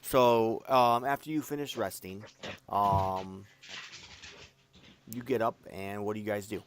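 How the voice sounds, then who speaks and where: A man's voice: on the low side, measured pace, slight background noise. A man who is the game master, casually running a tabletop game online and often hesitating with "um" as he explains the rules. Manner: casual, hesitant with many ums.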